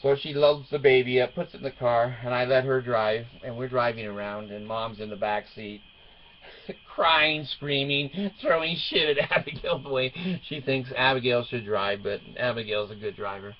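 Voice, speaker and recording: A man's voice: medium pitch, fairly even intonation, moderate pace, slight background noise. A middle-aged father telling a family story as a casual monologue, wry and joking, chuckling as he goes. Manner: wry and joking, chuckles through his stories. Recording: dull lo-fi recording.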